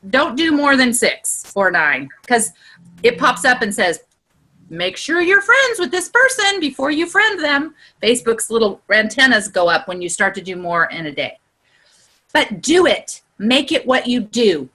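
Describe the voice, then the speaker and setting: High, lively woman leading an online class. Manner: voice climbs high when excited; chatty and exclamatory, with many "look" and "you know". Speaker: trainer leading an online group session. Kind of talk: casual instructional talk. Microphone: video call.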